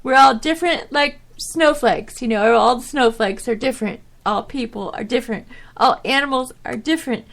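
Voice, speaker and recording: Woman, high voice, middle-aged, emotional, rambling, preachy rant, laughing often. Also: normal speed, vocal fry. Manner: animated, preachy ranting. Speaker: podcast host. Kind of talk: casual monologue.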